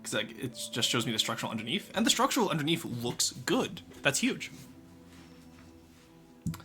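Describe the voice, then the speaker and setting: A man's voice: mid-range voice, big pitch swings, moderate pace, pushed and bright, faint music behind. A man streaming live, chatting casually with his chat while building in a game, rambling and swearing freely.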